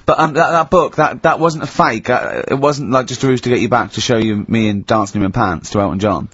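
A man hosting a comic radio show, mid-pitched and husky, teasing his co-hosts and cracking up into high laughter. The studio sound is very dry and a little dull, with no room around the voice. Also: brisk, a bit bright, no echo. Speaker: radio host.

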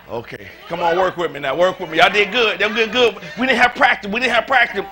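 A male pastor preaching in a church with a bright, lively voice that ranges widely in pitch. He turns from scripture to shouted, fervent declarations and talks straight to his congregation. A faint hiss sits under the recording. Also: quick pace, some chatter behind. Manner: animated, conversational, with asides to the congregation. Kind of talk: sermon. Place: church sanctuary.

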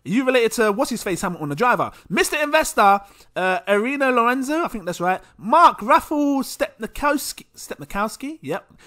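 Lively bright-voiced crypto vlogger. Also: male voice, very high voice, moderate pace. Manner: chatty, stumbling over names, laughing at himself. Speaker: crypto channel host. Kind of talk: casual shout-outs to supporters.

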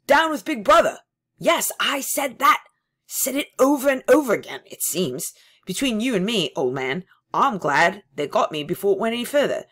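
A woman voicing a panicky, servile middle-aged male prisoner who stammers and pleads loudly. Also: fairly high pitch, very animated, normal speed, voice pushed up. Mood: eager. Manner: stammering, pleading, louder than narration.

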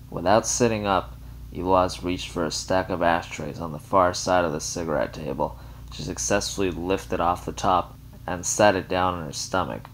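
A man narrating a short story in a measured, unhurried reading. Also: sits low, steady tone, slight background noise.

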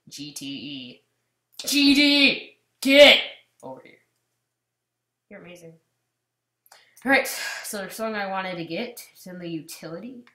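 A woman giving casual gameplay commentary, swinging between loud outbursts and muttered asides. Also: on the low side, big pitch swings, measured pace, long pauses, reverberant. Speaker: gamer commentator.

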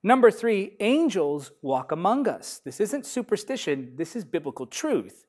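A man preaching a sermon, reading scripture emphatically and swinging between loud declarations and softer lines. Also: high voice, very animated, unhurried. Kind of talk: sermon teaching.

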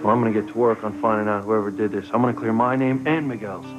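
A man's voice: on the low side, fairly even intonation, quick pace, lo-fi sound, loud music behind the voice, lightly acted. An actor playing an earnest young man in a soap opera who insists he will prove his innocence. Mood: determined.

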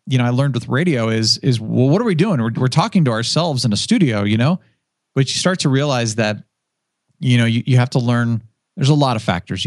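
This former radio DJ, appearing as a podcast guest, has a medium-pitched voice recorded in studio quality without any echo. He talks casually and tells his stories with energy, acting out each quoted voice.

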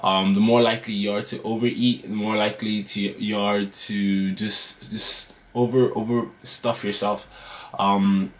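Speaking a little slowly with a fairly low, flat delivery, a man vlogs casually to camera, stumbling over ums and restarts. The later part is shot in his roomy home kitchen against guitar music.

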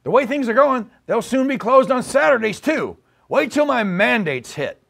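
A doddering old president who loses his thread mid-sentence and circles back on himself, as a man puts him on. His voice sits high and swings widely, halting and repeating as he goes. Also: big pitch swings, gravelly, a bit bright, full character voice. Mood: rambling. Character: rambling confused elderly male president.

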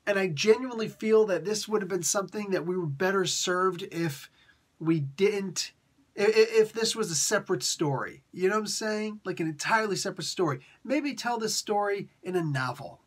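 A woman's voice: mid-range voice, lively intonation, normal speed, husky. A woman from Italy delivering a casual ranting review as a comic book reviewer. She sounds fed up and exasperated, circling back to the same complaints. She peppers her talk with "man" and "dude". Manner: exasperated, repetitive, keeps saying "man".

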